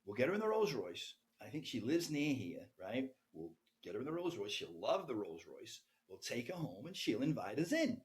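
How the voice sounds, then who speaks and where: A man's voice: mid-range voice, big pitch swings, moderate pace, hardly any pauses, natural voice. A man voicing a bossy, scheming woman friend who talks brusquely and insistently.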